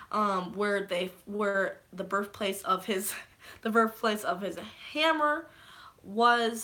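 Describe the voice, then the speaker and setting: Eager and casual, this young vlogger races through a spoiler recap of a film she adored, her bright, clear voice at medium pitch. Expect plenty of swearing, lots of "um"s, and quoted lines dropped in as she relives the scenes.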